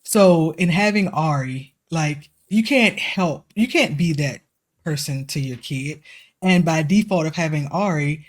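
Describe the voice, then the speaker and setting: A woman's voice: sits low, measured pace. Chatty woman in her forties. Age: 40s. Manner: chatty storytelling, acts out voices in quotes. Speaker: podcast co-host. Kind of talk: casual chat.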